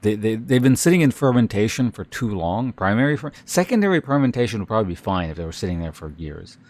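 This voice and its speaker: A man's voice: on the low side, big pitch swings, fast, darkish tone. A man streaming, chatting casually with his viewers in a rambling way, with many restarts and filler words. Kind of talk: casual chat with live viewers.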